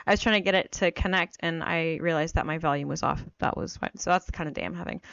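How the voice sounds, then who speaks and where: This writing coach, a woman with a lowish, slightly bright voice, talks fast through a casual screen-share tutorial on fiction writing, chatty, self-deprecating and full of fillers. She types as she talks and is just getting over a cold. Her new microphone gives dull audio with no echo.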